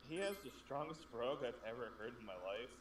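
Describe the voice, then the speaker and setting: A man's voice: mid-range voice, expressive, fast, recorded from a distance. A man co-hosting a casual gaming stream, telling stories and swearing freely. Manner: profane, rambling storyteller. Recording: echoey and off-mic with music.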